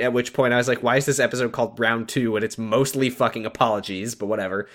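A man's voice: medium pitch, fairly even intonation, fast, hardly any pauses, fairly bright tone. A man co-hosting a podcast, recapping an episode in casual chat, laughing often, swearing and mimicking characters' lines. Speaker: podcast co-host.

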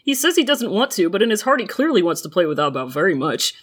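A woman's voice: medium pitch, sing-song, fast talker, a bit bright, slightly rough. Giggly, wry young woman co-host. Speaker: podcast co-host. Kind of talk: casual chat.

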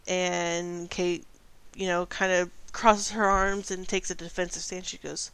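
A woman's voice: lowish voice, level tone, normal speed, a bit bright, clean tone. A woman narrating a tabletop game as game master in a casual storytelling manner.

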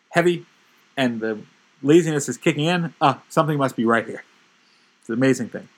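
A man's voice: mid-range voice, rough recording. A man giving a Torah class, telling stories with emphatic, building intensity. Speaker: religious teacher.

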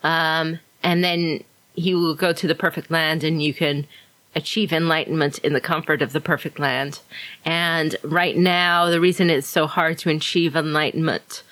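A woman's voice: sits low, fairly even intonation, moderate pace, fairly bright tone, no room sound. A woman co-hosting a podcast, chatting casually and with amusement about a story. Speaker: podcast co-host. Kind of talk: casual chat about fiction.

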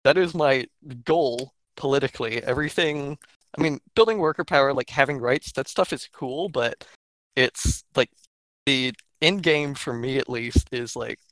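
A man's voice: mid-range voice, moderate pace, dry recording. A young man from Georgia with an Atlanta accent, talking bluntly and profanely in casual political podcast chat. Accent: Atlanta Southern US. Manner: blunt, profane, animated storytelling.

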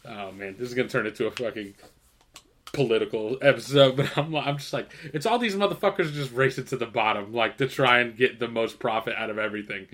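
A man's voice: medium pitch, brisk, a bit bright. A man in his thirties co-hosting a podcast, ranting profanely about everyday annoyances and laughing often. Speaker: podcast co-host. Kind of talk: casual chat.

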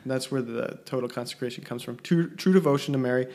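A man's voice: mid-range voice, quick pace, a crowd in the background. Man hosting with dry teasing humor. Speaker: host. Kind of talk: casual chat.

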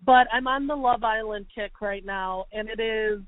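A woman's voice: on the high side, moderate pace, no echo. Chatty woman on a tinny line. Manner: chatty, animated, lots of filler "like". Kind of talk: casual chat. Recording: tinny phone-like dry sound.

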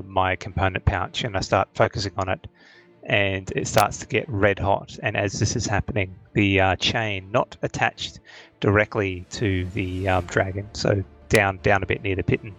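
A man playing a tabletop game, chatty and deliberate as he describes his turn into a home mic on a voice call. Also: sits low, a bit bright. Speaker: player.

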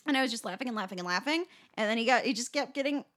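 A woman's voice: fairly high pitch, lively intonation, rapid-fire, a bit bright. A young adult woman co-hosting a podcast, telling a story in casual chat with lots of fillers. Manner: chatty storyteller, filler-heavy. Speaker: podcast co-host.

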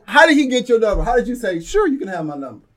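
A man's voice: very high-pitched, sing-song, very fast, a bit bright. A man from the East Coast co-hosting a casual podcast, giving blunt streetwise advice and jumping in with questions. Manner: streetwise advice, eager interjections. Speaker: podcast co-host. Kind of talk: casual chat.

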